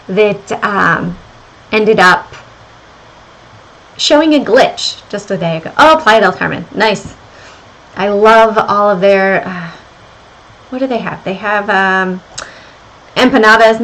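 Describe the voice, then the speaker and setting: A woman's voice: a little high, low-quality recording. A middle-aged woman with a slight Southern American accent, hosting a casual stock and crypto livestream from home and chatting with viewers as she goes. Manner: chatty, reads viewer comments aloud, thinks out loud. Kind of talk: casual market livestream chat. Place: home room during renovation work.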